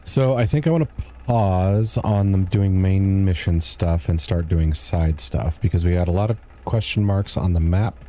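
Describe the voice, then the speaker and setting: A man's voice: deep voice, normal speed, hardly any pauses, warm tone. A male streamer giving casual, joking commentary while playing a video game. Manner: laid-back, joking, laughs at the game.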